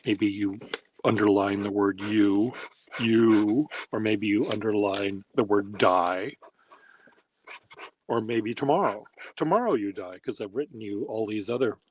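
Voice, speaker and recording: A man's voice: fairly low pitch, slow pace, long pauses, slightly rough. A man hosting a handwriting workshop, rambling casually in a wry, self-deprecating way while he demonstrates. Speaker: pen workshop host.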